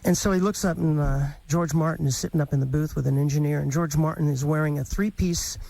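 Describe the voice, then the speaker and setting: A man's voice: a little high, fairly even intonation, quick pace, vocal fry, darkish tone, no echo. A man in his fifties hosting a morning radio show, chatting and telling stories with a self-mocking, laughing manner. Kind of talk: casual radio chat and storytelling. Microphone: studio microphone.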